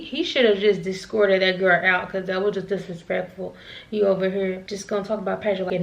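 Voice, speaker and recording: A woman's voice: mid-range voice, gravelly, dull audio. Rambling young woman telling a story. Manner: rambling, repeats herself, laughs at herself. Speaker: vlogger. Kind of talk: casual storytime.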